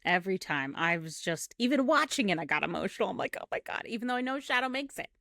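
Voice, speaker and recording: A woman in her thirties co-hosting a podcast, chatting casually and retelling a film with animated acted quotes. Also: medium pitch, quick pace, dry recording, studio quality. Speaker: podcast co-host. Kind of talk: casual chat.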